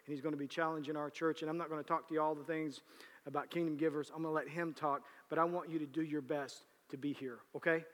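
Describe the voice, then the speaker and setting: A man leads his church as pastor, his voice sitting slightly high. He talks casually and jokes, then builds into emphatic preaching. The sound rings with the long echo of a large sanctuary. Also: little pitch movement, fast talker, a bit bright. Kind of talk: sermon with church announcements. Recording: reverberant church hall.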